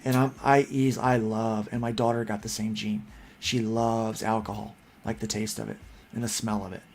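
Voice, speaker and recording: A man hosting a casual chat, telling rambling, animated stories full of restarts. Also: lowish voice, normal speed, creaky, a little hiss or hum. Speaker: podcast host.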